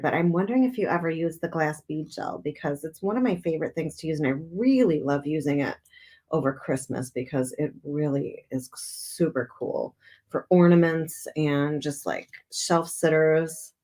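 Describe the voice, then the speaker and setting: A middle-aged woman hosting a live craft stream, chatting brightly, laughing often and reading out viewer comments as she works. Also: low-pitched, normal speed. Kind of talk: casual live-stream chat while crafting.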